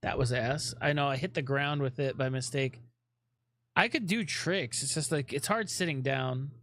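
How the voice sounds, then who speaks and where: A man's voice: medium pitch, moderate pace, a bit bright, no echo. A man chatting casually on a live stream, rambling with lots of fillers, swearing often and fidgeting restlessly.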